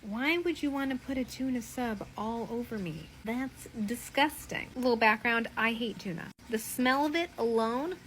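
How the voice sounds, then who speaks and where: A woman's voice: on the high side, moderate pace, hardly any pauses, a little hiss or hum. A woman in her thirties telling funny stories in a casual vlog, chatty and swearing, laughing often. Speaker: vlogger, mom.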